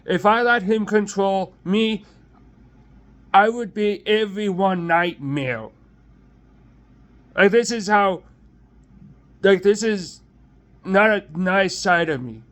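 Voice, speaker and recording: A young man talking in a personal confessional vlog, halting and hesitant, emotional and close to tears, recorded on his own phone or webcam. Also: high-pitched, a bit bright. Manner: halting, hesitant, many restarts and trailing off.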